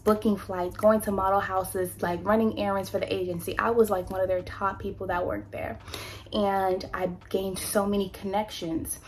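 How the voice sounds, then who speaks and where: A woman from California telling her own story in a candid, animated, slangy way, as a motivational vlogger on a close mic. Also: mid-range voice, slight background noise. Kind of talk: personal storytelling, motivational talk.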